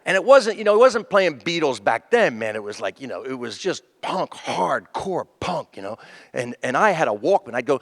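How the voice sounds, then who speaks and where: Creaky-voiced comedian telling rambling stories onstage. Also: male voice, medium pitch, normal speed. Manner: rambling, animated, acts out quoted voices. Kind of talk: stand-up storytelling at a memorial tribute. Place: stage in front of a live audience.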